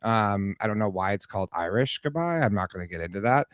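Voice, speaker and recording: A man co-hosts a casual sports talk show in a chatty, playful way full of slang. His voice is mid-pitched and dry, close to the mic. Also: animated, fast talker, clear, resonant tone, dry recording. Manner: chatty, playful, calls people bro. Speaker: executive producer and co-host.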